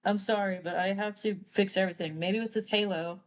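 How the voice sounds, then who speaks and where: A woman's voice: mid-range voice, fairly even intonation, a little fast, close to an everyday voice, low-quality recording. A woman voicing a remorseful man, a troubled father, in a casual pleading, apologetic tone while retelling a story.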